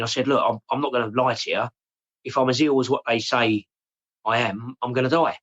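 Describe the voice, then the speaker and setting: An English man in his forties, talking openly and haltingly in an interview, often repeating his words and saying "mate". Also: medium pitch, steady tone, fairly bright tone, dull audio. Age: 40s. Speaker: podcast guest. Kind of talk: emotional personal interview.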